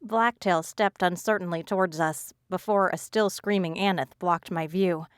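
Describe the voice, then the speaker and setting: A woman narrating a fantasy audiobook in a measured storytelling manner. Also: lowish voice, fairly even intonation, clean tone, no echo, clean studio sound. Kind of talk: scripted narration.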